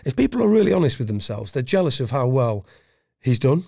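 A man's voice: medium pitch, very animated, brisk, vocal fry, warm tone, dry recording, clean studio sound. A middle-aged man from England, a former special forces guest on a podcast, talking bluntly and casually with heavy swearing. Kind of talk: casual interview chat.

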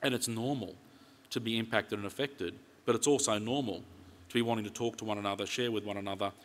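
Middle-aged Australian man, keynote speaker, earnest, low voice, long hall reverb. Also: steady tone, quick pace, fairly bright tone. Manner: earnest, retells conversations in detail. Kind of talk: conference keynote speech.

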